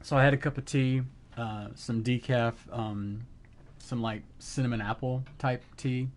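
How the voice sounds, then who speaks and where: Middle-aged man, live streamer, casual chat, excited storyteller, acts out quotes, mid-pitched voice. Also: a little slow, slight background noise.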